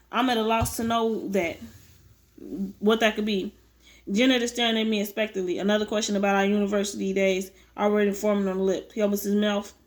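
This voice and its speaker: A woman reading a novel aloud, often stumbling and rereading words. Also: mid-range voice. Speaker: audiobook reader.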